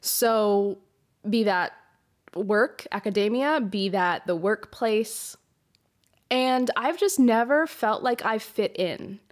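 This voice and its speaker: A woman's voice: mid-range voice, slow. A woman hosting a solo podcast, talking frankly and emotionally, swearing freely and getting worked up. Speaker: podcast host. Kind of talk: candid solo podcast monologue. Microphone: podcast microphone.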